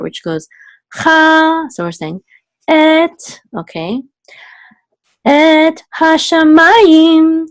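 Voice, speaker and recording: A woman gives a relaxed one-on-one lesson, patiently breaking things into small steps and asking "okay?" as she goes. Her voice sits in an ordinary middle pitch. The room sounds dry and close, with little echo. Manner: patient, explains step by step, often checks with "okay?"; sings syllables higher and slower as examples. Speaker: Hebrew cantillation teacher. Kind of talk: casual one-on-one tutoring.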